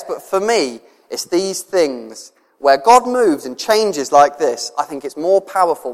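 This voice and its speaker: Man, preacher, sermon, chatty and emotional, frequent chuckles, slightly high voice, long church-hall reverb. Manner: conversational, chuckles often, emotional.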